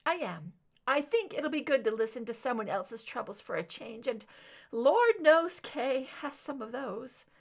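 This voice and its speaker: A woman reading a story plays an older mother with a soft, weary, wistful way of speaking. Her lines rise and fall with lively intonation, turning gently teasing, in a storybook reading. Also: fairly high pitch, measured pace. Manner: soft, wistful, tired yet warm.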